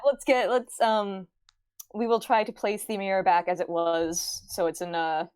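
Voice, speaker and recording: A woman's voice: mid-range voice, steady tone, measured pace, a little mellow, clean tone, no room sound. A woman player talking with giggles and hesitant fillers. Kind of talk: tabletop game play.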